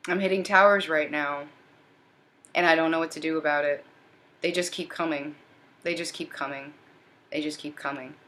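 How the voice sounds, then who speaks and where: A desperate, anxious man keeps pleading for help, as a woman channels him in a tarot reading. The voice stays low and sinks toward a near whisper, repetitive and worn down. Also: fairly even intonation, normal speed, long pauses, fairly bright tone. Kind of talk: channeled first-person voicing in a reading.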